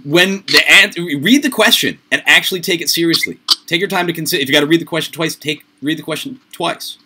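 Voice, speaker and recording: A man's voice: on the high side, bright, forceful tone, slightly rough. A man tutoring students for the SAT over a video call, coaching them through answers in an upbeat, chatty way. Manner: upbeat, coaching, quick asides and laughs. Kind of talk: online tutoring session. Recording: noisy online call audio.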